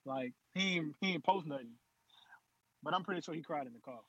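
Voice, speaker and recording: A young man with a high, bright voice trades slangy banter in a casual podcast. A slight husk sits in his tone, and the recording sounds dull and lo-fi. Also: fairly quick, husky, no echo. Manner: animated, laughing, slangy banter.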